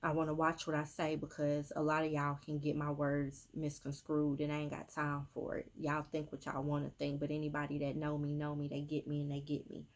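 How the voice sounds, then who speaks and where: Deep-voiced woman, repeats herself a lot, casual medium talk. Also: completely flat delivery, brisk, hardly any pauses. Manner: emphatic, repetitive, with many fillers. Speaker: spiritual medium. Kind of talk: casual social media monologue.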